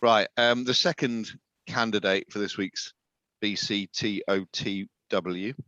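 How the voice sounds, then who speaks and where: A low-voiced man co-hosting a casual chat, dry and sardonic, often chuckling. The sound is close and dry but a little dull and muffled. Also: steady tone, takes it slowly, pushed and bright, no echo. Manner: dry, sardonic, laughs while reading tweets. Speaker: podcast co-host.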